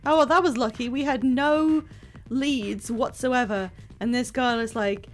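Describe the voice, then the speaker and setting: A woman's voice: a little high, a little slow. Wry chatty woman streamer. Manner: wry, chatty, reads dialogue aloud. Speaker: game streamer. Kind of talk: casual live playthrough commentary. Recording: game music playing faintly.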